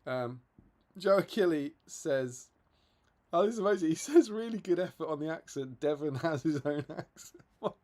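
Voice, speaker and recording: This co-host's voice sits on the high side, expressive and darkish in tone, moving at a moderate pace. Chatting casually on the stream, he reads out what viewers write and laughs a lot, clearly amused.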